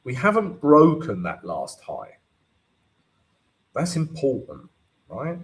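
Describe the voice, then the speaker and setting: A man's voice: medium pitch, wildly swooping pitch, rough recording. A man hosting a live trading stream, explaining charts casually and often checking in with "right?" and "you know". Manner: unhurried, keeps asking "right?" and "you know". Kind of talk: live market analysis and Q&A.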